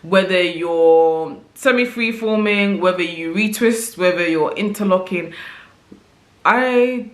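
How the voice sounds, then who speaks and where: A woman vlogger shares her opinions to camera in a lowish, slow voice with a reverberant sound. She thinks aloud in a reflective, conversational way, often checking in with the listener by tagging on "right?" and "you know."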